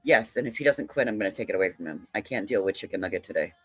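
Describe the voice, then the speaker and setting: A woman's voice: extremely low pitch, husky, no echo, faint music behind. A middle-aged woman guest chatting casually and rambling animatedly on a livestream panel. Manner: animated, rambling, quick asides. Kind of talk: casual chat.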